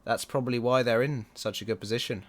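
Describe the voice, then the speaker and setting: A man commenting on his own football management game, excitable and quick to groan or yell at the match. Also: mid-range voice. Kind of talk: let's play commentary.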